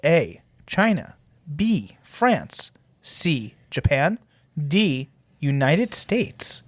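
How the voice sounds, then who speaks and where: A podcast co-host reading trivia questions and answers slowly, stumbling over some words. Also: medium pitch, very animated, no room sound, clean studio sound.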